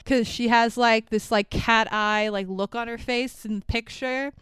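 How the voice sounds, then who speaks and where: A woman co-hosting a casual podcast, talking in an animated way, swearing freely and laughing often. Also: a little high, measured pace, smooth, no echo. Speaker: podcast co-host. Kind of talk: casual chat about movies.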